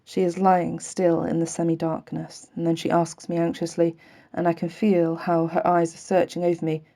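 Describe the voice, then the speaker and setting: Low, mellow woman reading a novel. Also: flat delivery, moderate pace. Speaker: audiobook reader. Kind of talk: novel read aloud.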